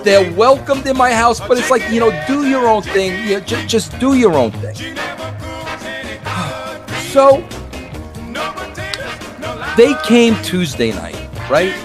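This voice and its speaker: A middle-aged man hosting a podcast, ranting in a rambling, excitable way full of restarts and filler words. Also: very high-pitched, measured pace, music in the background. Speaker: podcast host. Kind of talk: animated solo rant.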